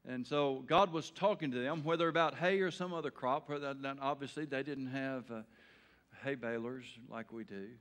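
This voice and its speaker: A middle-aged male pastor preaching an evening sermon in a folksy way, swinging between loud emphatic bursts and quiet earnest talk. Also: medium pitch, normal speed.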